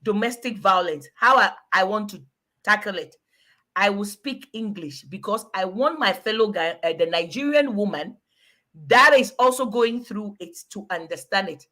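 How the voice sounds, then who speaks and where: A woman's voice: mid-range voice, animated, normal speed, pushed and bright. A woman in her forties with a Ghanaian accent, a guest talking casually and animatedly on a live video call, laughing often and slipping into pidgin. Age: 40s.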